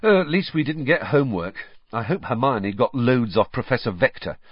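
A man's voice: mid-range voice, expressive, moderate pace, breathy edge, dry recording, highs cut off. A man doing a cheeky, blunt teenage boy. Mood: joking. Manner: joking and stubborn.

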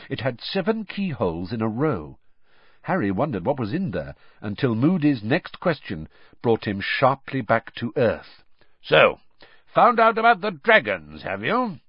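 A man reading a storybook aloud as narrator, expressive and varied, in a muffled lo-fi recording. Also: medium pitch, slightly rough, no room sound. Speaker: audiobook narrator.

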